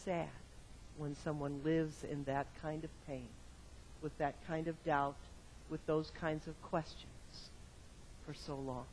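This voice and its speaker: A male pastor giving a sermon to his congregation in a church, moving from quiet reflection to loud emphatic exclamations and repeating phrases in rhythmic lists. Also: a little high, little pitch movement, slow pace, slight background noise, poor audio. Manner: addresses the congregation directly with questions. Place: church sanctuary.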